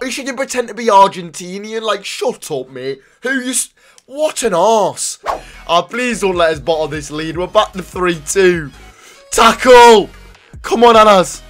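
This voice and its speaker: Excitable young gamer, high voice. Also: male voice. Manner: excitable, swears, sudden shouts and mutters. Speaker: gaming YouTuber. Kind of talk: live gameplay commentary.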